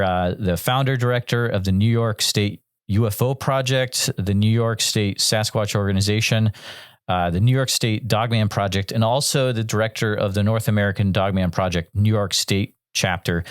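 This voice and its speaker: A man's voice: lowish voice, clear, resonant tone, dry recording, studio quality. A man from Western Massachusetts hosting an interview, friendly and enthusiastic, with lots of filler words. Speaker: podcast host. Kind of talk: casual interview.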